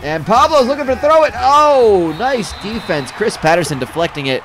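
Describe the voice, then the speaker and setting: A man's voice: high-pitched, very animated, a bit bright, faint music behind. A man giving joking, rambling live commentary on a video game football match, calling plays and swearing casually. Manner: rambling, swears, quick play calls.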